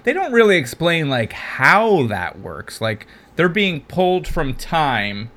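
A man's voice: on the high side, very animated, slow, pushed and bright. A man co-hosting a podcast, talking loosely and animatedly, full of "like" and quoted asides. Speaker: podcast co-host. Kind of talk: casual chat.

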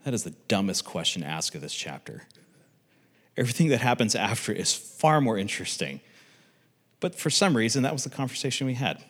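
A man with a lowish voice that rises and falls a great deal gives a casual Bible teaching. He tells the story conversationally and drifts into asides, and a long reverb trails behind his words. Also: animated, a little fast, a bit bright, breathy edge.

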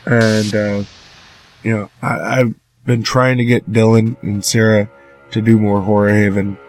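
Lowish guy rambling thru his podcast outro, lots of ums, cussing, bit of music under it. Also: flat delivery, unhurried. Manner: rambling, heavy fillers, casual swearing. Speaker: podcast host.

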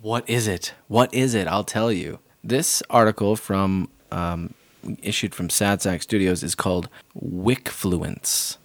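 A man hosting a casual podcast, joking and hyping things up with drawn-out swearing. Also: low-pitched, steady tone. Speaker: podcast host.

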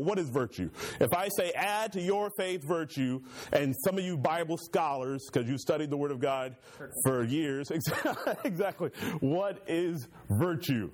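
A man's voice: mid-range voice, a little mellow. A male pastor teaching a church Bible class in a conversational, joking way, using homey stories to make his points.

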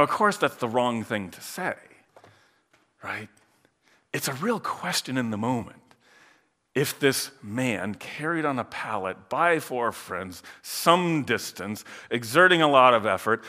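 A man preaching a sermon, retelling a gospel scene in a conversational way, with asides and quick voiced quotes. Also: medium pitch, bright, forceful tone. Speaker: pastor.

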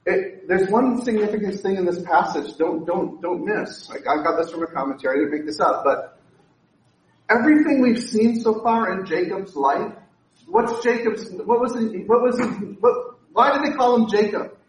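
A male pastor preaching a lively sermon, full of joking asides and repeated words. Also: high voice, moderate pace, recorded from a distance. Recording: echoey room, speaker away from mic.

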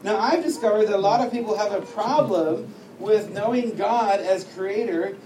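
A man with a high voice preaches a lively sermon, telling his story with humor and acting out the lines of others. He sounds far from the mic in an echoing hall, with clear noise underneath. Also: normal speed. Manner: storytelling with humor, acts out dialogue. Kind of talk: sermon teaching. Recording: echoey room, distant mic, noisy.

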